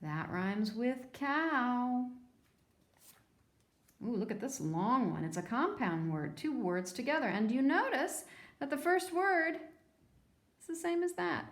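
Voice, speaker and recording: Slow, patient woman teaching phonics. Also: fairly high pitch, animated, roomy sound. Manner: slow, patient, sounding out words. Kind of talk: phonics lesson for young children.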